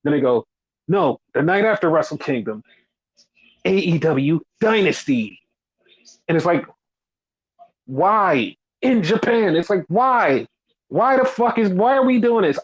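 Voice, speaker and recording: Ranting man, profane and sarcastic. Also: sits high. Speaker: podcast host. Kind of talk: casual chat. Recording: dull lo-fi audio.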